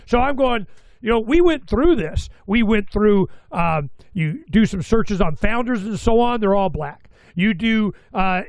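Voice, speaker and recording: A man's voice: high voice, clear, resonant tone, dry recording. A middle-aged man hosting a talk show, telling rambling stories with quoted asides and the odd curse. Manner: animated storytelling with quoted asides and mild cursing. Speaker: radio show host.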